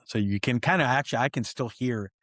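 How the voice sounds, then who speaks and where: A man's voice: mid-range voice, fast, no room sound, clean studio sound. A man, a stuntman guest on an interview show, telling stories casually and acting out what people said. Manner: animated, acts out quotes.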